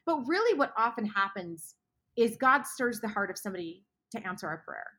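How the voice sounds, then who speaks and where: A woman guest author speaking earnestly in a faith podcast conversation, often dropping to hushed tones. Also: a little high, sing-song, fairly quick, slightly rough.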